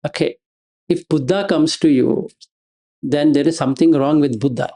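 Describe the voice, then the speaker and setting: A man's voice: fairly high pitch, normal speed, dark tone. A man teaching the Dhamma. He argues through blunt rhetorical questions and keeps repeating Pali terms. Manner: blunt, dismissive of emotion. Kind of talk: Dhamma talk.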